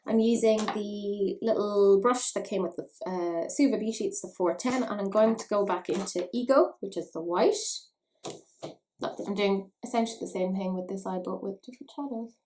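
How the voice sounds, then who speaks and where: A woman's voice: mid-range voice, moderate pace, a little mellow, slight background noise, poor audio. Chatty self-mocking woman. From Ireland. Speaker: beauty vlogger. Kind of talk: casual makeup tutorial chat. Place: home.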